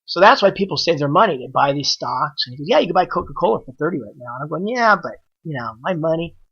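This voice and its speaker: A man tells his story as a guest on a podcast, in a bright, forceful voice. He acts out the conversations he remembers. The recording sounds dull and lo-fi. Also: fairly high pitch, fast, breathy edge. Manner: animated, acts out quoted dialogue. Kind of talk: casual storytelling.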